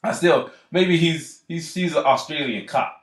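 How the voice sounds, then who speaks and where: A man's voice: a little high, unhurried. A man on a casual podcast, telling stories in a rambling, profane way and laughing often. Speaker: podcast co-host. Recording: echoey room.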